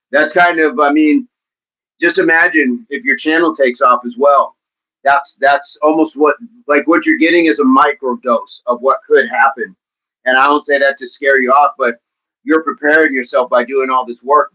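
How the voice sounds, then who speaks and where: Bright-voiced man chatting on a livestream. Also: mid-range voice, muffled recording. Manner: talkative, encouraging, addresses viewers by name. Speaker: livestream host reading chat. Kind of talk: casual livestream chat.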